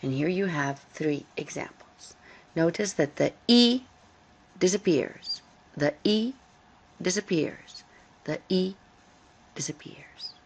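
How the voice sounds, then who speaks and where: A woman teaching English grammar in a recorded lesson, explaining slowly and carefully and repeating key points. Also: fairly low pitch, lively intonation, husky. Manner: slow, careful explaining with repetition.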